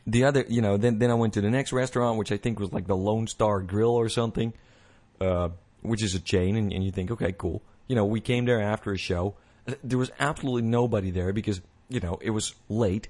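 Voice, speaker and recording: A man's voice: fairly low pitch, steady tone, a little fast, a little mellow. A man hosting a show, talking in a rambling casual monologue with many restarts and mocking little voices. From United States. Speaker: podcast host.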